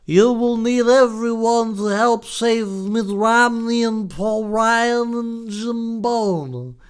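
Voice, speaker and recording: A man voicing God as a bored, rambling older man with a put-on New Jersey accent, drawling and halting, a little off the mic. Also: extremely high pitch, clean tone. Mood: droning. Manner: drawling, halting, with lots of filler.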